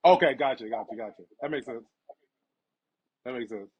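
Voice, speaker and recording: A man's voice: moderate pace, breathy edge. A young man hosting a casual chat, telling personal stories with laughter and acting out the people in them. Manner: animated, laughs through stories, acts out quotes in a higher voice. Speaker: podcast host. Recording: dull lo-fi sound.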